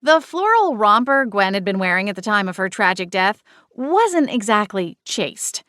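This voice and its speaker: A woman narrating a cozy mystery audiobook in first person, expressive and playful. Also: mid-range voice, normal speed, no echo, clean studio sound.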